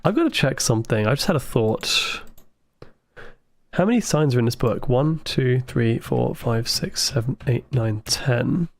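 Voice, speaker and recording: Excitable man streaming a puzzle game. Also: medium pitch. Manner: thinking aloud, excitable, quick asides to chat. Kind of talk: live gameplay commentary.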